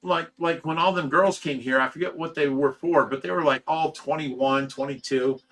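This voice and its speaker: Hosting a livestream, a man reads chat comments aloud in a blunt, meandering, casual way, with plenty of swearing. His voice is on the high side and a bit bright, at normal speed. He's recorded on a distant mic.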